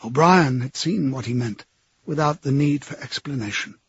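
A man narrating a novel as an audiobook in a measured, grave way. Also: medium pitch, muffled recording, slight background noise.

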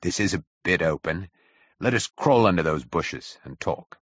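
A male reader voicing a hoarse, wary soldier who has survived in hiding, speaking in terse, guarded lines. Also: deep voice, expressive, moderate pace, a bit bright, no room sound, full character voice. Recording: dull, dry audio.

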